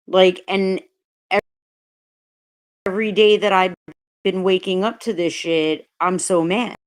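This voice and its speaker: A woman's voice: mid-range voice, clean tone. A woman live-streaming a heated, profane rant, talking bluntly and breaking off to greet chat viewers by name. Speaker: livestreamer.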